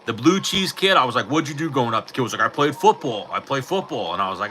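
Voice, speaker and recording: A middle-aged man hosting a casual livestream chat, telling fight stories in an animated way, swearing freely and acting out what people said, into his own mic. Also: medium pitch, fast talker, few pauses, a little hiss or hum, poor audio. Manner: animated storytelling, swears freely, acts out quotes. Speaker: livestream host. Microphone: personal mic.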